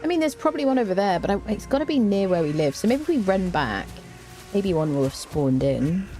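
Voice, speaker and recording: A woman streaming a game chats casually with viewers, greets them by name, and hums little tunes to herself as she plays. Her medium-pitched voice is sing-song, fairly quick, and dark in tone, with soft music in the background.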